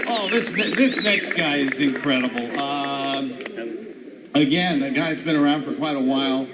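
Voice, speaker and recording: A man's voice: medium pitch, normal speed. A man hosting a comedy show, introducing comedians with enthusiastic emcee patter. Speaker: show host. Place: outdoor stage. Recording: muffled live recording with background noise.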